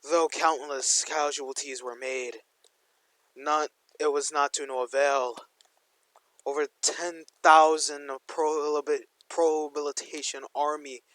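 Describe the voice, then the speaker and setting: A man's voice: a little high, little pitch movement, slow pace, fairly bright tone, no room sound, poor audio. A young man casually narrating a fan-made story, rambling with lots of slang and "like", on a close mic.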